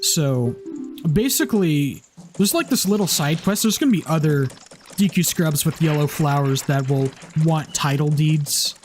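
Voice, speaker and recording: A man's voice: a little high, animated, measured pace, a little mellow. A man giving casual let's play commentary, rambling with many restarts and fillers. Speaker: gameplay commentator. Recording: game music playing behind.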